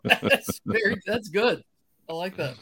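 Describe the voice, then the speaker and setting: A man's voice: high voice, animated, measured pace, crowd noise. A man co-hosting a podcast in casual chat, joking and laughing often. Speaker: podcast co-host.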